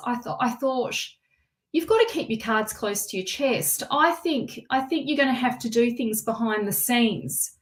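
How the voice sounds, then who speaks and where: A woman with a fairly high voice hosts a live tarot reading stream. She circles back over the same phrases again and again and stops to read viewer comments aloud. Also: fairly bright tone. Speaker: tarot reader.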